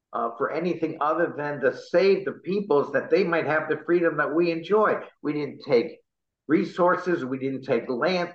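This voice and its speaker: A middle-aged man speaks with earnest, impassioned conviction, his voice close to choking up at times. The sound is roomy and a little dull, with an echo around him. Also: a little high. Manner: impassioned, patriotic, choked up at times. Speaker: interview guest, party chair candidate. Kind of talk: earnest political interview.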